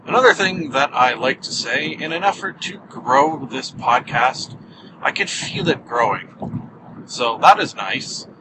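Driving alone with the car engine and road humming behind him, a male podcast host chats casually in a solo monologue. His mid-range voice is animated and measured in pace, and his humor is wry and self-mocking.

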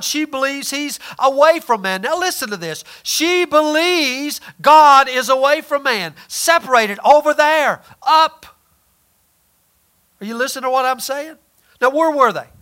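A man preaching a folksy, emphatic sermon, swinging between loud points and quiet asides. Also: very high-pitched, animated, measured pace.

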